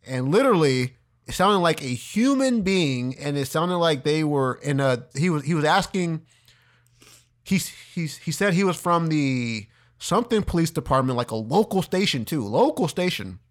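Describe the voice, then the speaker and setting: A man co-hosting a podcast in casual chat, relaxed, laughing often and saying dude a lot. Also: fairly high pitch, normal speed. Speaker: podcast co-host.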